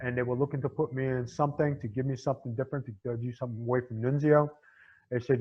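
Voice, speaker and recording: A man's voice: medium pitch, steady tone, fast, dull audio. A middle-aged man from Staten Island with a New York accent, a former pro wrestler talking bluntly and casually in an interview. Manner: blunt, streetwise, lots of "you know".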